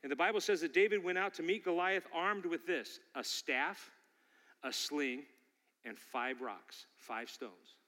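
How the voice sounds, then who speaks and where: A man preaching in a reverberant hall, his voice high and bright. He tells the story in an easy way, then builds to a forceful call to the listeners. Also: measured pace. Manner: storytelling, rising to forceful exhortation. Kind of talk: sermon.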